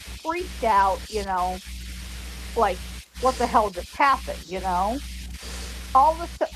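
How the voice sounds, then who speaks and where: A middle-aged woman with a fairly high voice tells a story with lively drama, throwing in sound effects and retelling the action as a guest on a podcast. A faint hiss sits under the recording. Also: rough recording. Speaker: guest psychic.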